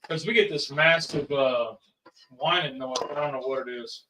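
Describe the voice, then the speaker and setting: A man's voice: medium pitch, moderate pace, bright, forceful tone, slight background noise. A middle-aged man hosting a casual livestream, rambling and chatty as he talks to viewers and family. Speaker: livestream host and home cook. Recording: dull, distant mic.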